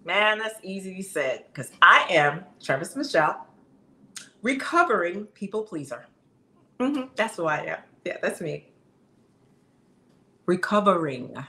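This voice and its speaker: A woman's voice: fairly low pitch, expressive, measured pace, pushed and bright. A middle-aged woman coach giving an emphatic, conversational motivational talk straight to her viewers.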